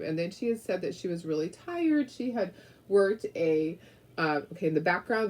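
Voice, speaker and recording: A woman's voice: medium pitch, a little mellow, husky. A woman hosting a craft video, chatting casually and telling stories while she paints, rambling a little and laughing often. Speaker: craft show host.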